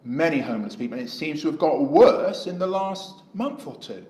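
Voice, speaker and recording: A man's voice: on the high side, expressive, moderate pace, a little mellow, roomy sound, low-quality recording. A middle-aged man with an English accent, an independent election candidate answering interview questions in a rambling way, acting out dialogue as he tells stories. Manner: rambling, acts out dialogue in anecdotes.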